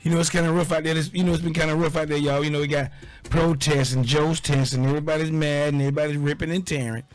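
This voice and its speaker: A man's voice: fairly high pitch, level tone, fast, no echo. A man hosting a casual talk radio show, rambling and boisterous with lots of repeated fillers.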